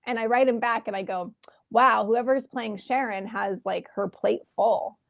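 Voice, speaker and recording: A woman in her thirties, an actress telling a lively story in a casual interview from home over a video call, acting out the exchanges she quotes. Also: a little high, unhurried, creaky, no echo. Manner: animated, acts out quoted exchanges. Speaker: actress guest.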